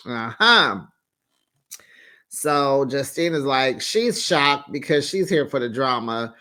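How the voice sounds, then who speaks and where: A man's voice: mid-range voice, expressive, takes it slowly, bright, forceful tone. A man hosting a casual reality TV recap, sassy and chatty, with lots of fillers and asides. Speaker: recap host.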